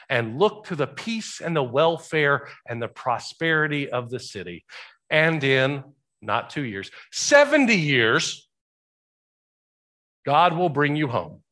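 Bright-voiced man preaching a sermon. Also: mid-range voice. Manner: conversational, rhetorical questions, shifting emphasis. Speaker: pastor.

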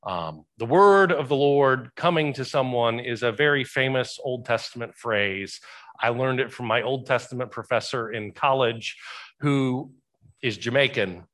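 A pastor delivers a conversational sermon, putting rhetorical questions to the congregation and often shifting his emphasis. His voice is medium-pitched and fairly bright, at a measured pace.

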